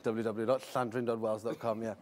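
A man's voice: fairly low pitch, level tone, fast talker, darkish tone. A man with a Welsh accent, a guest on a talk show, chatting casually, laughing easily and often restarting his words. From Wales. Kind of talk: casual chat.

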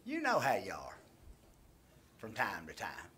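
A man preaching a sermon into a microphone in a church, swinging from shouting to hushed near-whispers. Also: on the low side, huge pitch swings, measured pace. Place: church sanctuary. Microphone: handheld or stand microphone.

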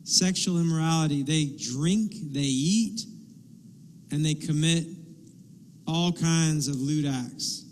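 High-voiced guy preaching, acts out little quotes, big reverby church hall. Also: slow, a little hiss or hum. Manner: animated, acts out quotes and asides. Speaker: pastor. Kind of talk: sermon. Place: church sanctuary.

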